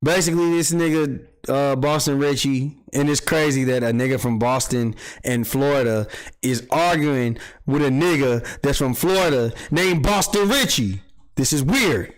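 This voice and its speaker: A man hosting a casual livestream, telling street gossip in an animated, profane style and acting out quotes. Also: medium pitch, normal speed, rough recording. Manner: animated storytelling, acts out quotes, swears freely. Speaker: podcast host.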